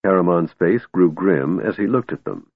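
A man narrating an audiobook in a steady, measured reading voice, on a tinny narrow-band recording. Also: low voice, gravelly, slightly rough, no echo.

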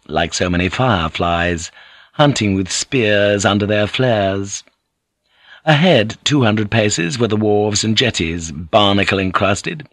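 A man with a fairly low voice reads an audiobook, measured and even in his storytelling. The sound is dry and close, with no room around it. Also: dry recording. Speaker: audiobook narrator. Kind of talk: scripted narration.

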